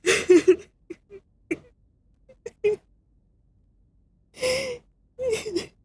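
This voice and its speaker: A woman's voice: very high voice, drawn-out words, darkish tone, dry recording. A young woman streaming casual commentary as she watches a role-play, laughing often and mocking herself.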